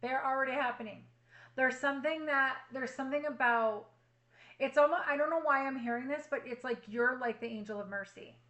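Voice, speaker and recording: A woman's voice: high-pitched, a little fast, fairly bright tone, low-quality recording. A woman reading tarot cards for her viewers, earnestly reassuring them and repeating affirmations. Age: adult with a child at home. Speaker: tarot reader.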